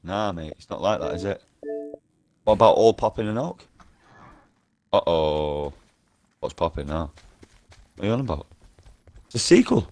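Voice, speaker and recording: A man's voice: fairly low pitch, big pitch swings, normal speed, long pauses, darkish tone. A man talking nonstop in an online game voice party over a headset mic, conspiratorial and swearing heavily. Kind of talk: rambling party voice chat. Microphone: gaming headset over online voice chat.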